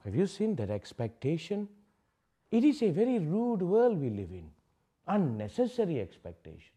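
A man giving a public spiritual talk, asking rhetorical questions and swinging from loud declarations to hushed asides. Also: a little high, wildly swooping pitch, moderate pace, breathy edge. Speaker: spiritual teacher.

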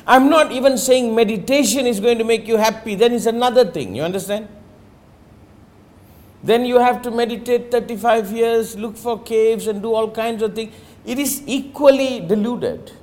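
A man teaching about meditation in an emphatic, rhetorical way. He slows down on key phrases, sometimes drops to a near-murmur, and keeps asking "you understand?". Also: very high-pitched, darkish tone. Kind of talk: spiritual talk.

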